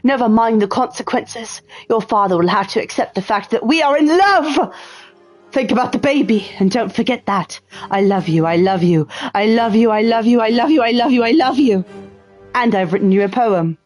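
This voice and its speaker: A woman's voice: fairly high pitch, expressive, normal speed, darkish tone, soft background music, close to an everyday voice, poor audio. A woman voicing a lovesick young male prison guard in a put-on British accent, reading his love letter in a theatrical, gushing way. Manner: theatrical, gushing, sing-song.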